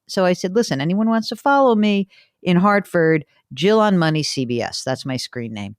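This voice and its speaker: A middle-aged woman hosting a talk show, chatting casually and telling stories with animated energy. Her pitch swoops a lot, and the recording is dry and close. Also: brisk, no room sound. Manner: chatty, animated storytelling with laughs. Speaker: host. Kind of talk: casual chat.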